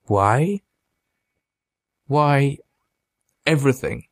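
A distraught man pleads through tears with his monstrous brother, as a male narrator voices him. His voice is pushed up high and strained. The audiobook sound is close and dry. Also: unhurried, no room sound, close to an everyday voice. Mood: anguished. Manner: pleading, tearful. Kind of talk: audiobook character voice.

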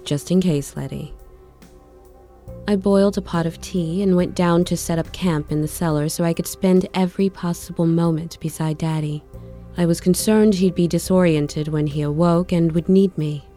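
Woman storyteller with a warm, fairly low voice; reads expressively. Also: fairly even intonation, soft background music. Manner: reflective, measured storytelling. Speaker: audiobook narrator.

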